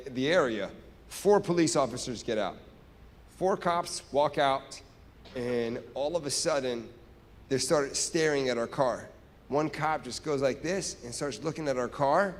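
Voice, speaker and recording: A male stand-up comedian telling a story live on stage in an animated, loud way, with shouted bursts. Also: on the high side, slight background noise. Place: large venue. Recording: echoey hall, live stage.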